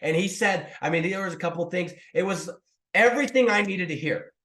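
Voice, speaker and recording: A man in his thirties, an online business coach, telling a story to viewers in a lively, casual way. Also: high-pitched, fairly quick. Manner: animated, talks to viewers as "dude" and "guys". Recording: roomy echo.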